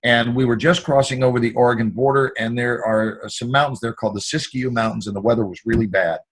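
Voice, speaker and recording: Husky man, expansive storyteller. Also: medium pitch, fast. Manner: expansive, animated, acts out quoted voices. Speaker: guest actor. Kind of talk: motivational storytelling.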